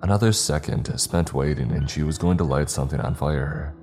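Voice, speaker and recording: A man's voice: very deep voice, fairly quick, a little mellow, faint music behind. A man narrating a scripted horror story in a wry, casual storytelling manner.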